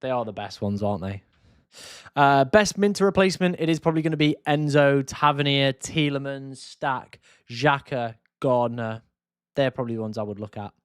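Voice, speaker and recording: A man's voice: medium pitch, normal speed, clear, resonant tone, no echo, clean studio sound. A man, casually answering chat questions on a live stream. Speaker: fantasy football streamer.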